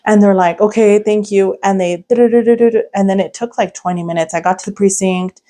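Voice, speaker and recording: A woman's voice: medium pitch, fairly even intonation, brisk, warm tone. A young woman co-hosting a podcast, telling a story in casual chat with lots of fillers and restarts. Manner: rambling, many "like" fillers and restarts. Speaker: podcast co-host.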